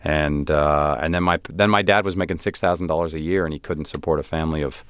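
A man, an actor guest on an interview show, telling animated, self-deprecating stories and acting out other people's lines. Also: rumbling low, quick pace, smooth, no echo. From United States. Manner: animated, self-deprecating, acts out quoted voices. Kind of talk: casual interview storytelling.

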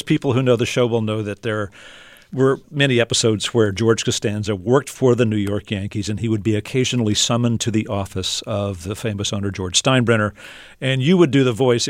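A man hosting a radio interview, setting up clips in a measured way. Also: on the low side, no echo, studio quality. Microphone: studio microphone.

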